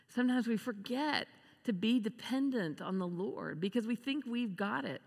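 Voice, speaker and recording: Bright-voiced woman preaching in a hall. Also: mid-range voice, unhurried. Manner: expressive, acts out quoted voices with laughs. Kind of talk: sermon. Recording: long reverb of a large hall.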